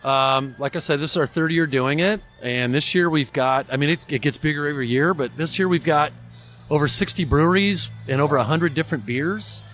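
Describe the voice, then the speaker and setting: A man's voice: fairly high pitch, brisk, a bit bright, soft background music. A man, a brewmaster guest, talking casually and easily in a brewery tasting room. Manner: easygoing, talks through with fillers. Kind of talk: casual chat.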